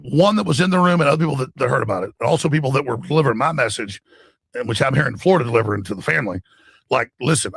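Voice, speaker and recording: A man with a gravelly, raspy voice delivering an emphatic, excited monologue as a talk show guest. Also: medium pitch, no echo. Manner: emphatic, acts out quoted voices.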